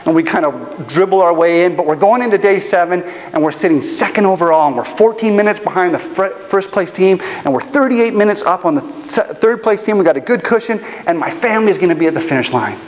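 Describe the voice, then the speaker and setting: A man preaching a sermon, telling a personal story in an animated, humorous way. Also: high voice, quick pace, few pauses, in a large hall, low-quality recording. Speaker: pastor. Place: church auditorium.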